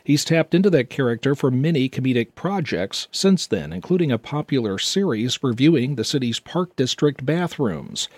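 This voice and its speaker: A man's voice: mid-range voice, lively intonation, normal speed, hardly any pauses, a little mellow, no room sound. A man anchoring a radio news program, reading a scripted introduction.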